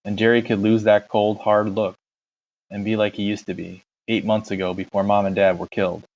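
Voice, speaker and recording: Low-voiced man reading a novel aloud. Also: little pitch movement, brisk, a little mellow, low-quality recording. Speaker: audiobook reader.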